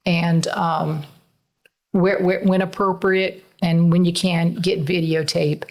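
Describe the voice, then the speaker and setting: A woman's voice: on the low side, little pitch movement, takes it slowly, vocal fry, a little mellow. A middle-aged woman, a mother co-hosting a podcast, talking in an earnest, emotional, conversational way. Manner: earnest, emotional, laughs through tears.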